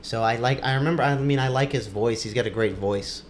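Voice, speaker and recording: A man's voice: mid-range voice, fairly quick, slight background noise. A man co-hosting a podcast in loose, rambling casual chat, laughing easily. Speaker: podcast co-host.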